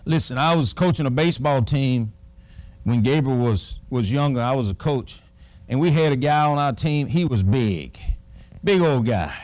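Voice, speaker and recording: A man preaching a sermon as a pastor, with a dramatic storytelling manner that breaks into shouted exclamations. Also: medium pitch, lively intonation, normal speed, no room sound.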